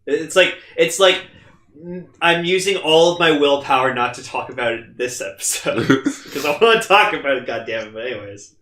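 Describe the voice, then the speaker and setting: Young man, podcast co-host, excitable, rambling, lively pitch, roomy echo. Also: normal speed. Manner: excitable, rambling, swears often. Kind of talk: casual chat.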